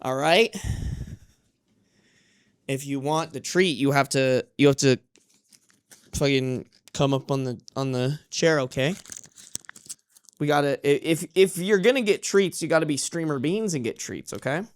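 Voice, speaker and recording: A man's voice: on the high side, unhurried, pauses often, clean tone, no room sound, studio quality. A man streaming live from home, chatting casually and cooing in playful baby talk to his cat, swearing freely. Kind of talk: casual livestream chat.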